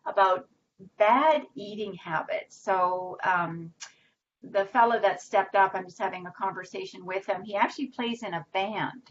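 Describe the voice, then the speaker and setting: A woman's voice: mid-range voice, moderate pace, dull audio, slight background noise. A woman co-hosting a live web show in casual chat, rambling with many "you know"s and "right"s. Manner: rambling, filler-heavy, says "you know" and "right" often.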